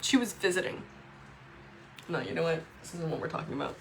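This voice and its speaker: A woman talking to camera in a raw, emotional vlog, upset and swearing, with halting restarts. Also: low voice, vocal fry, slight background noise. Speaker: vlogger.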